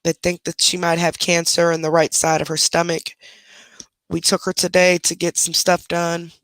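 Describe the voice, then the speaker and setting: A middle-aged woman runs a casual home live stream, talking to viewers and pausing to reprimand her dog. Her lowish, fairly bright voice is flat in delivery at normal speed, captured close up on a desk microphone indoors with no room sound.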